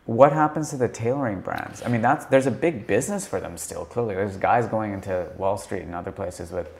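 A man's voice: on the low side, a little fast, vocal fry, a little mellow. A man interviewing a guest in a conversational podcast, casual and asking long, rambling questions.

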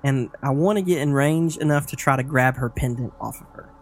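A man's voice: medium pitch, a little fast. Playful man playing a tabletop game. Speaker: player. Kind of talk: tabletop role-play.

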